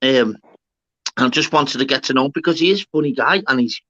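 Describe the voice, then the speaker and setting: Bright-voiced man, lo-fi. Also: mid-range voice, fairly quick, no echo. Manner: swearing, laughing, retelling his own lines. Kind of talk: casual banter on a live stream. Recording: dull, dry lo-fi stream audio.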